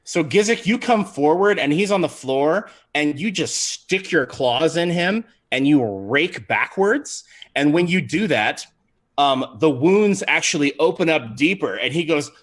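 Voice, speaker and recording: Animated male game master. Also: a little high, measured pace. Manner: animated, chatty, with fillers. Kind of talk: narrating a tabletop game livestream.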